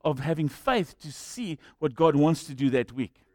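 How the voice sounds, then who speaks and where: A man preaching with a lively, rhetorical delivery and a fairly high voice. He works humorous asides into the sermon. The sound is close and dry. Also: normal speed, no room sound. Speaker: pastor.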